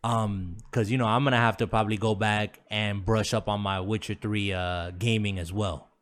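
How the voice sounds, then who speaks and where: A man's voice: on the low side, fairly even intonation, normal speed. A man co-hosting a gaming podcast, chatting casually and repeating words for emphasis. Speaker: podcast co-host. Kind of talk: casual chat.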